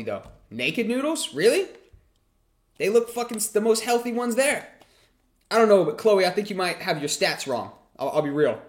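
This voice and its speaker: A man hosting a casual livestream Q&A. He reads chat questions aloud and answers them in a chatty way, swearing freely. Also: mid-range voice.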